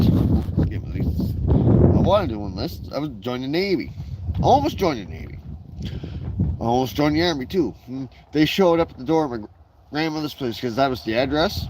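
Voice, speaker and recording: A man's voice: on the high side, noisy background. A man chatting on a casual live stream from his backyard, rambling and swearing freely as he drifts between topics. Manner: rambling, profane, digressive. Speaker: livestreamer.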